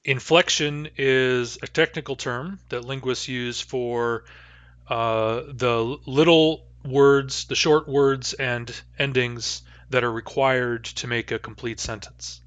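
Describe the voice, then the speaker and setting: A man teaching a linguistics lesson in an online class, thoughtful and halting, full of fillers and restarts. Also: medium pitch, steady tone, fairly bright tone, no room sound. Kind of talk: online lecture.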